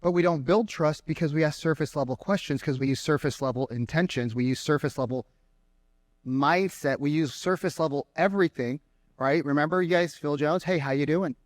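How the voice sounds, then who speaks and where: A man speaking as a sales trainer to a live audience, energetic and mocking as he acts out callers. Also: a little high, fairly quick, no echo. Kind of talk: keynote talk to a live audience. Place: conference room with an audience.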